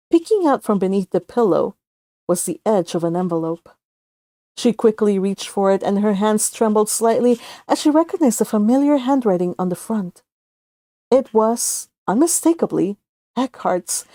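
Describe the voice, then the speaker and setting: Woman storyteller, mellow, emotive reading, dry close sound. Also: mid-range voice, no room sound. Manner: soft, emotive, with occasional self-corrections. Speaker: fanfic author and reader. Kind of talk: storytelling narration.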